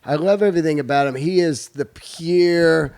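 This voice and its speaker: Gravelly higher-voiced male podcast host. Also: normal speed, darkish tone. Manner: loose, profane, enthusiastic. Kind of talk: casual chat.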